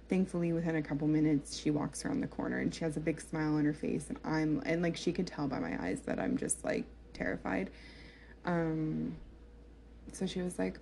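A woman's voice: deep voice, vocal fry, dark tone, slight background noise. A young woman telling a personal story to her viewers in a chatty, candid way, with lots of fillers and laughter. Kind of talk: casual storytelling to camera.

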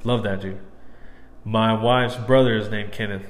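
Easygoing low-voiced man, halting chat. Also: steady tone, in a large hall. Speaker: podcast guest. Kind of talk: casual chat.

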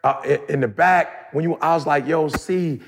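A man co-hosting a podcast, telling a story in a casual, animated way, talking straight to his listeners in colloquial speech. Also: on the high side, moderate pace, creaky, a little hiss or hum. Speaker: podcast co-host.

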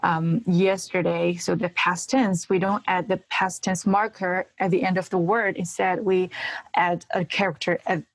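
A woman's voice: lowish voice, flat delivery, unhurried, dry recording. A young woman from China whose first language is Mandarin, a graduate student explaining her language carefully with examples in a casual interview. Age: young adult.

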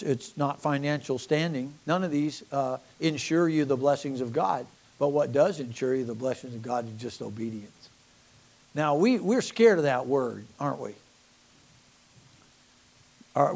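A man's voice: mid-range voice, a little mellow. A man preaching a sermon to a congregation, asking for amens, reading scripture aloud in old King James wording, often repeating and restarting his words with chuckling asides.

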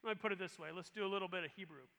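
A male pastor preaching a sermon with animated emphasis. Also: high-pitched, very fast, creaky. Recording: long reverb in a large hall.

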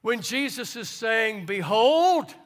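High, bright-voiced preaching man. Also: expressive, a little slow. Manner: preaching with swings from soft asides to loud emphasis. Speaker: pastor. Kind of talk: sermon.

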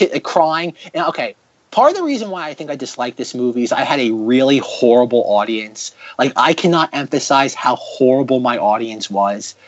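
A man hosting a podcast in casual chat, ranting sarcastically in quick bursts. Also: mid-range voice, no room sound, lo-fi sound. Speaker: podcast host.

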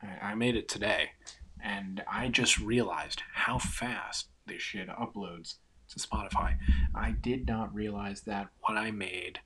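A man's voice: on the low side, unhurried, pushed and bright, breathy edge, rough recording. A man hosting a casual solo podcast, rambling and self-mocking, swearing often into a cheap desk mic. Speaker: podcast host.

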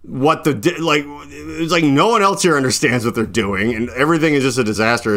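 A man hosting a podcast, telling a rambling, profane story in casual chat and loudly acting out the people in it. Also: medium pitch, fairly quick, hardly any pauses. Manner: animated, profane, acts out quoted people in loud bursts. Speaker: podcast host. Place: indoors, podcast recording.

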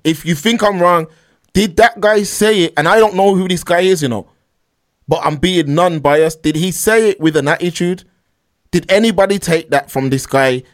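A man hosting a casual reaction stream, animated and talking straight to his chat. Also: sits high, moderate pace. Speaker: stream host reacting to a clip.

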